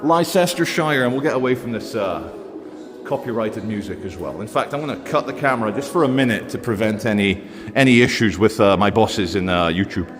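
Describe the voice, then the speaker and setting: A man's voice: fairly low pitch, brisk, crowd noise. Chatty man vlogging on the move. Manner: chatty, rambling with many fillers. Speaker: travel vlogger. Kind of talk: casual walking vlog commentary. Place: indoor shopping centre, then outdoor bench. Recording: faint background noise.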